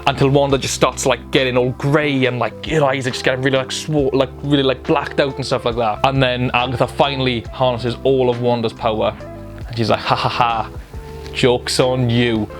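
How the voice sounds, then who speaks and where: Excitable young man recapping a show. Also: medium pitch, fairly quick, soft background music. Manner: excitable, swears, acts out quotes. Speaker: film review host.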